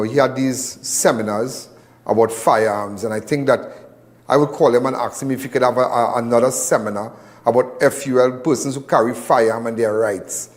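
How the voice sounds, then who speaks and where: A man with a Trinidadian accent hosting a live crime show, talking in a loose, rambling, lecturing way. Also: medium pitch.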